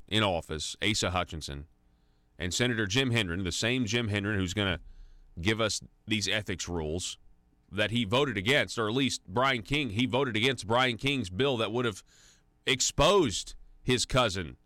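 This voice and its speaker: Deep-voiced opinionated talk radio host. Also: male voice, pushed and bright, dry recording. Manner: opinionated, with many restarts and fillers. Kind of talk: political talk radio commentary.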